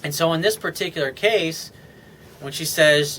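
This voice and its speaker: A man coaching listeners on relationships in a loose, off-the-cuff monologue. He talks bluntly and swears a lot, in a voice a bit higher than most men's. A faint hiss of background noise sits under the recording. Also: normal speed, bright, forceful tone. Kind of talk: unscripted advice monologue.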